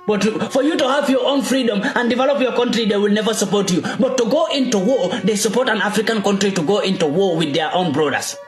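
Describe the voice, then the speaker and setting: Impassioned man, high voice, echoey. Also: fast, few pauses. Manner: repetitive rhetorical questions, emphatic. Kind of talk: impassioned political speech. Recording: echoey room with faint music.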